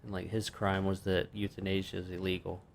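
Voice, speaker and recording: Creaky-voiced young man co-hosting a podcast. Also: low-pitched, level tone, a little fast, a little hiss or hum. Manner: informal, many fillers. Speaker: podcast co-host. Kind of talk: casual chat.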